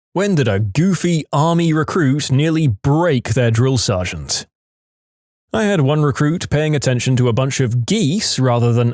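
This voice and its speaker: A man narrates reddit stories with an animated, swinging delivery, now and then slipping into quick voices for the people in them. His voice sits at an ordinary middle pitch. The sound is close and dry, with no room around it. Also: dry recording. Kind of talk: reading reddit stories aloud.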